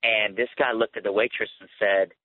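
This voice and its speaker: A man's voice: on the low side, steady tone, brisk, dry recording. Man telling a testimony over a tinny phone. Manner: earnest, conversational, rising with emotion. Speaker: guest speaker and author. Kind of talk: personal testimony storytelling. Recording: dry tinny phone line.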